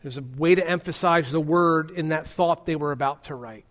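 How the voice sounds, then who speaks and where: A man with a high voice preaches a sermon from the pulpit. He presses hard on key words, then drops into hushed, low phrases before building up again. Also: normal speed. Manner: emphatic, swinging between loud stresses and hushed low words. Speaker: pastor.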